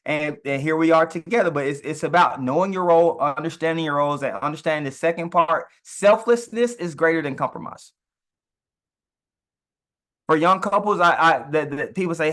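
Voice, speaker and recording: Guy chatting bout marriage, kinda high voice, laughs a lot, trips on words. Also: moderate pace. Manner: animated, laughs often, repeats words. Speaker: co-host. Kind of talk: casual talk on marriage and business.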